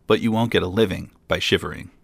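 Male reader as stern exasperated father, low and gravelly, scolding, fairy tale. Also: fast, dry recording, full character voice. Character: exasperated stern old father of a foolish son.

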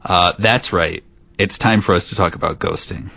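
A man's voice: low voice, normal speed, creaky, pushed and bright. A man hosting a podcast in casual chat, playful and laughing often as he leads the topic. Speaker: podcast host. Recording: dry, slightly dull lo-fi sound.

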